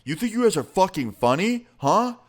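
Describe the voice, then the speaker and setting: A man voicing a huge, muscular, hotheaded man who taunts and yells with lots of swearing. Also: medium pitch, fast talker, close to an everyday voice. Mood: enraged. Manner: taunting, profane, yelling.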